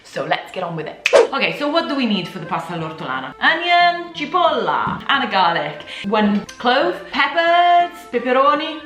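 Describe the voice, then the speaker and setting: A woman's voice: mid-range voice, sharp tone. A woman from Italy hosting a casual cooking demonstration in a home kitchen, chatty and slipping Italian words into her English. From Italy, grew up in Milan. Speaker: cooking video host. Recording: echoey kitchen with background music.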